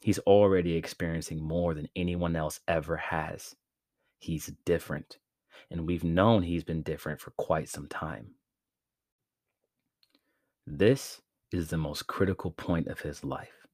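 A man's voice: low-pitched, steady tone, measured pace, a little mellow, no echo, clean studio sound. A man voicing a firm, protective father. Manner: firm, urgent, reassuring. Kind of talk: audiobook-style narration.

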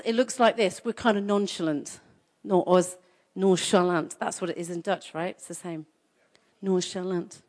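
A woman preaching a sermon in an energetic, conversational way, repeating phrases for emphasis. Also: a little high.

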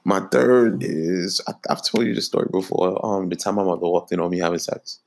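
A young man co-hosting a casual chat, teasing his co-host and telling his own story in relaxed slang. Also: low-pitched, fairly quick, gravelly.

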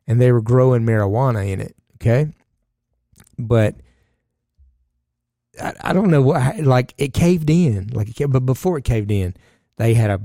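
A man's voice: medium pitch, gravelly, mellow, no room sound, clean studio sound. A man telling a rambling, profane story in casual chat, full of fillers and asides.

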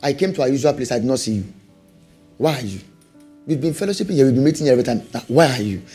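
A man voicing God as a calm male voice searching for Adam, with a husky tone. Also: medium pitch, rapid-fire, soft background music, pitched below the performer's own voice.

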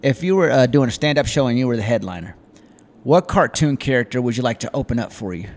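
Male co-host, middle voice, lively anecdote teller on a bar podcast. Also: medium pitch, fast, vocal fry. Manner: animated storyteller, acts out quotes. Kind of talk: casual bar podcast chat.

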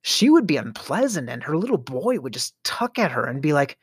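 A man's voice: fairly high pitch, very animated, fairly quick, breathy edge, dry recording, studio quality. A middle-aged man hosting a podcast, telling a storytelling rant in a theatrical way, with sighs, stammers and sudden whispers. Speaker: podcast host.

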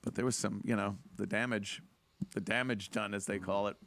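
A man hosting a podcast, telling a story casually and breaking into loud impressions of other people. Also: fairly low pitch, moderate pace, a little hiss or hum. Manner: animated, mimics people with sudden loud outbursts. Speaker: podcast host.

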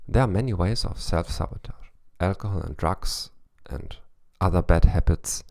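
A man with a German accent hosting a podcast, delivering a scripted monologue in a measured, lecturing way. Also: low voice, gravelly, a little mellow, no room sound. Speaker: podcast host.

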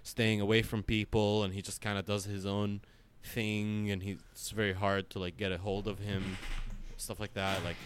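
A man's voice: fairly low pitch, moderate pace, few pauses, smooth. A man chatting casually on a podcast, rambling with many fillers and frequent swearing. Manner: rambling, animated, swears often, lots of filler words. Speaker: podcast co-host.

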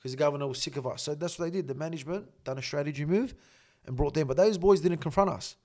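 A man telling a story in a casual interview, animated and full of slang and swearing. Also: fairly high pitch, fast. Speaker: guest.

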